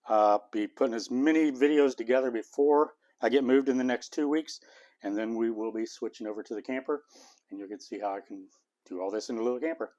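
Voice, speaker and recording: A cooking channel host chats casually in a homey home cooking video, tasting and eating as he talks. His medium-pitched voice is a little mellow, and the sound is lo-fi.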